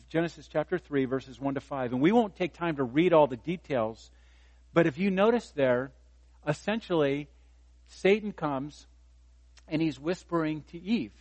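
A man in his fifties preaching a sermon, chatty, then lifting his voice to drive a point home. His voice sits a little high, and the sound is dry and close with no room echo. He tells stories on himself with easy humor. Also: darkish tone. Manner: conversational preaching, rising for emphasis, self-deprecating humor. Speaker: pastor.

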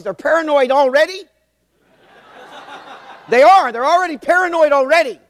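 High-voiced older male preacher. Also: no echo, clean studio sound, long reverb tail. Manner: animated storytelling, emphatic repetition. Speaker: pastor. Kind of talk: sermon.

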